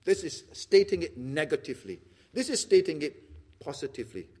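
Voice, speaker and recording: Animated high-voiced preacher. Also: male voice, a little fast. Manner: animated, acts out little dialogues, laughs often. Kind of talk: sermon.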